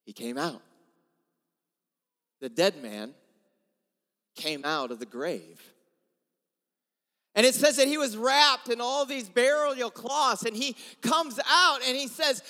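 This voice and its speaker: A man preaches with a very high, bright, forceful voice. He tells the story with lively acted-out voices and swings between loud calls and hushed lines. A long church reverb hangs behind him. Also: slow. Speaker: pastor. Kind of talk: sermon. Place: church sanctuary.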